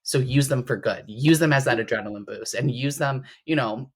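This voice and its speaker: A woman's voice: moderate pace, slightly rough. A woman guest in a casual interview, telling stories with strong emotion and big swings in her voice. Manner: animated, emotional storytelling with big pitch swings. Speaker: interview guest, competitive bodybuilder.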